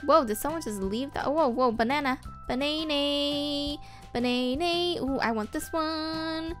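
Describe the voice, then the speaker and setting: A woman hosting a gaming video, giving excitable, casual commentary while she plays, with frequent squeals and whoops. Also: high voice, moderate pace. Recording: faint game music behind.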